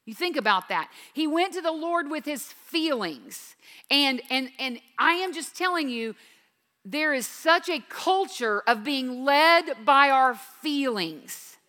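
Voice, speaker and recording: Woman, 50s, high bright voice, earnest devotional teacher, reverberant hall. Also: expressive, slow. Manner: earnest, emphatic, swings from quiet to intense. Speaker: Bible teacher.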